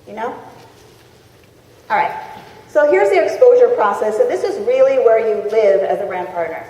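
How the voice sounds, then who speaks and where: Brief: higher-voiced woman, lively seminar speaker, chatty, heard from afar in a big reverberant hall. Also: moderate pace, pauses often, slight background noise. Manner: lively, chatty, acts out phone calls. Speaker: motivational speaker. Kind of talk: live seminar talk to a crowd. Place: large convention hall. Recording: echoey hall recorded from far off.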